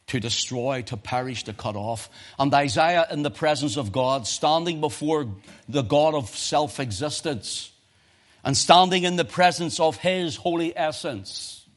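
A man preaching a sermon, swinging from quiet, urgent asides to impassioned cries, quoting scripture in old-fashioned wording. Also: fairly high pitch. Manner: archaic scripture quotations in King James wording.

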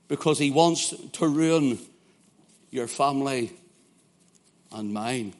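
A man with a Northern Irish accent preaching a sermon, dropping from hushed storytelling to loud, fervent shouting. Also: mid-range voice, slow, pauses often.

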